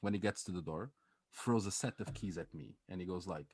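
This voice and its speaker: A man co-hosting a podcast, telling a story in a casual, animated way, swearing and laughing as he goes. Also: deep voice, moderate pace, pauses often, a little hiss or hum. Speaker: podcast co-host.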